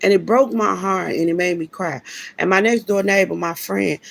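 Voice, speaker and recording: A woman's voice: mid-range voice, moderate pace, vocal fry, a bit bright. A woman telling a personal story in a casual, preachy way, emphatic and slangy, often restarting her sentences. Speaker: vlogger.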